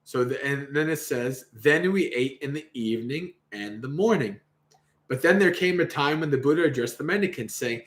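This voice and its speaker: A man's voice: medium pitch, expressive, moderate pace. A man hosting a livestream, reading a Buddhist sutta aloud and commenting casually, laughing often and acting out the quoted lines. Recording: roomy echo.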